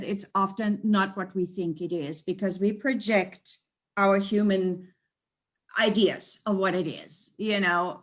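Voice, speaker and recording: A woman working as an animal communicator, telling stories in an animated, conversational way and laughing often. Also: medium pitch. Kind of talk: storytelling in a conversational interview. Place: United States.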